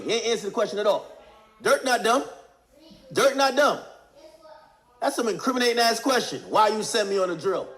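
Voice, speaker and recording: A man's voice: high voice, moderate pace, long pauses, a bit bright. A man giving casual, slang-heavy commentary, acting out quotes while he recaps court testimony.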